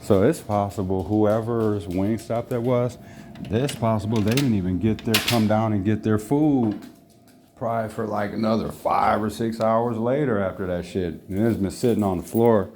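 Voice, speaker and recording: A man with a very low voice hosts a casual podcast. He rambles in a relaxed way and swears offhandedly. Clear background noise runs under his voice. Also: moderate pace. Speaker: podcast host. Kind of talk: casual solo podcast chat. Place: apartment building lobby, walking a dog. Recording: noisy background.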